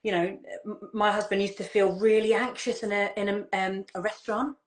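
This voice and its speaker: A woman parenting coach chatting in a halting, earnest way, often restarting and repeating her words. Her voice sits at an ordinary middle pitch. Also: little pitch movement. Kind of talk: casual conversational chat.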